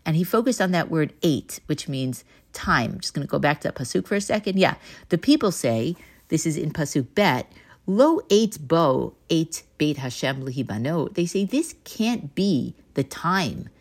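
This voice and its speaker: Woman Bible teacher, fairly low voice, patient explaining, slow verse reading. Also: very animated. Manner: explains patiently, reads Hebrew verses slowly and translates them. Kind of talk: text study lecture.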